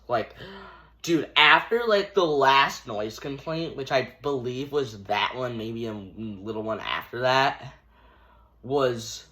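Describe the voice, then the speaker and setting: A man's voice: medium pitch, sharp tone. A teenage boy telling a story casually to camera, rambling with lots of fillers like "like" and "dude" and acting out scenes with gestures. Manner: acts out scenes with hand gestures. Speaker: storytime vlogger.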